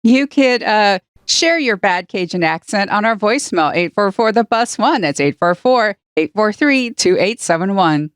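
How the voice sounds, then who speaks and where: A woman's voice: medium pitch, lively intonation, moderate pace, few pauses, smooth, no echo, clean studio sound. A woman co-hosting a casual podcast, plainspoken and matter-of-fact. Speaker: podcast co-host.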